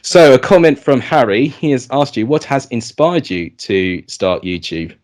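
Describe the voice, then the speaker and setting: A man's voice: mid-range voice, animated, measured pace, darkish tone. A young man hosting a casual football chat, talking in a chatty way with lots of fillers. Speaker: host of a football channel chat.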